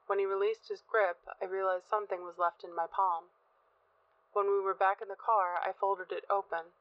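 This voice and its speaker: A woman narrating a first-person horror story in a measured, tense manner. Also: mid-range voice, flat delivery, dry recording. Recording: dull, dry, lo-fi sound.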